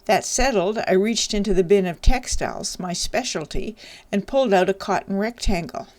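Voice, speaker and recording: A woman's voice: medium pitch, moderate pace, darkish tone. A woman author reading the opening of her novel aloud, with chatty, self-deprecating asides.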